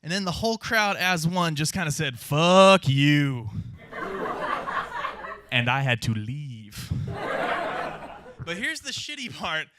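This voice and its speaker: A man's voice: a little high, sing-song, normal speed, noisy background. A young man doing a stand-up comedy set in a club, with a brash, profane, punchy delivery. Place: underground comedy club with live audience.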